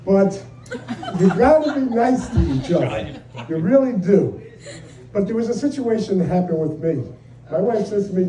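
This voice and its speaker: A man's voice: high-pitched, sing-song, normal speed, dark tone. Brash older man on a comedy stage. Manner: brash, profane, exasperated storytelling. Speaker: stand-up comedian. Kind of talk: stand-up comedy set. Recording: roomy live club sound from a distant mic. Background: audience laughter.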